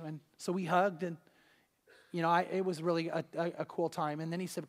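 A man preaching a sermon, telling a story and swinging between loud and hushed delivery. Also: sits high, fairly even intonation, fast talker, big-room sound. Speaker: pastor. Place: church hall.

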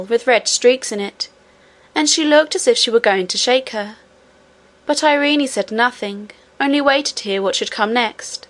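A woman narrating a children's storybook with a clear, measured reading. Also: fairly high pitch, a bit bright. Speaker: audiobook narrator.

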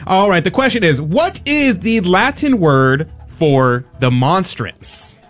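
A man's voice: high-pitched, sing-song, slow. Male radio host, playful game-show patter, faint music underneath. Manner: playful, joking, upbeat encouragement. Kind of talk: game-show style quiz hosting on radio.

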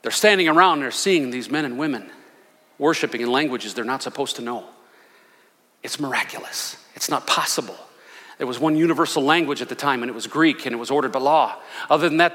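A male senior pastor preaching a sermon with passion, swinging between loud, fervent declarations and hushed asides. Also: on the high side, long reverb tail. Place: church sanctuary.

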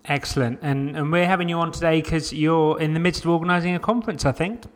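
Brisk man hosting a podcast. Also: on the high side. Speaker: podcast host. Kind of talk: casual roundtable podcast hosting.

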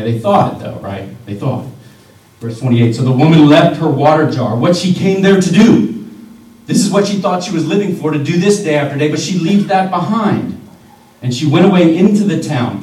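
A man's voice: on the high side, darkish tone. A man in his thirties preaching a sermon, talking conversationally with joking asides to the congregation. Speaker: pastor. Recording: echoey room from a distance with faint hiss.

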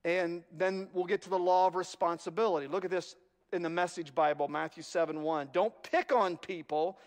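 High-voiced man preaching in a big hall. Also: normal speed. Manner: storytelling, animated, wry humor. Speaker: pastor. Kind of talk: sermon.

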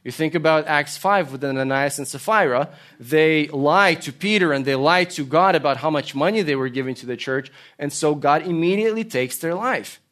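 Earnest higher-voiced male preacher. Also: moderate pace, few pauses, a bit bright. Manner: earnest preaching with storytelling and rhetorical questions. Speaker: pastor. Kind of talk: sermon.

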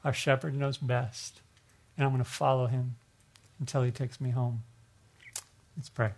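A man's voice: mid-range voice, little pitch movement, measured pace, vocal fry. A middle-aged male pastor preaching a sermon in an earnest, conversational way, often restarting his phrases.

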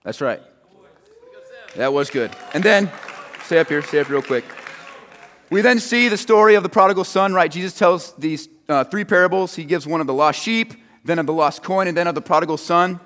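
A man's voice: a little high, moderate pace, fairly bright tone, in a large hall, some chatter behind, a little hiss or hum. A man preaching a sermon in a casual, conversational way, joking with his listeners.

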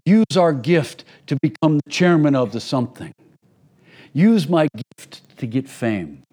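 A middle-aged pastor with a fairly high, warm, sing-song voice preaches at a measured pace. Speaking conversationally to his church, he acts out small everyday scenes to make his points.

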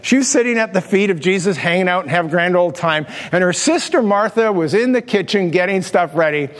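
High-voiced pastor in a reverberant hall. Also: male voice, a little fast. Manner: animated storytelling with acted quotes. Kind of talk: sermon.

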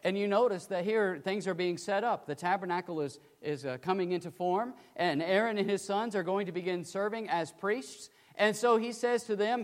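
An older man delivers a sermon in a high voice. He leans hard on key words and falls quiet for asides, with a long hall reverb behind him. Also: moderate pace, few pauses. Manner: emphatic, rising to loud pleading then dropping to quiet asides. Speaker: preacher.

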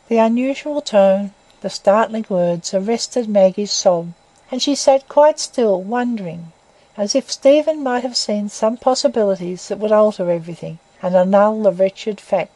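A woman reading a classic novel aloud as narrator in a measured, even way. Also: medium pitch, no room sound, poor audio.

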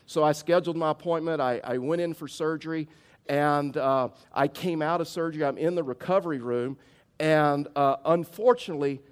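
A middle-aged male pastor preaching a sermon, mixing a humorous personal story with earnest teaching. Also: high-pitched. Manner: storytelling, animated when telling the funny part, somber when preaching.

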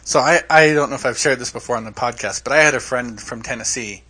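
A male podcast co-host in casual chat, eager and quick to laugh. His voice is bright and forceful, at a medium pitch. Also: breathy edge.

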